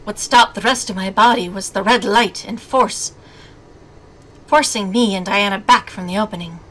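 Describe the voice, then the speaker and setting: A woman's voice: medium pitch, normal speed, fairly bright tone. A woman reading a visual novel aloud as a game streamer, with snarky asides between narration. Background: game music.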